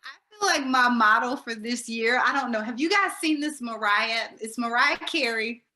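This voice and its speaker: A woman co-host chatting in an animated, storytelling way. Her voice is sharp and bright, a little higher than most. The room around her is echoey. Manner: animated storytelling, quick asides. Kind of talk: casual chat.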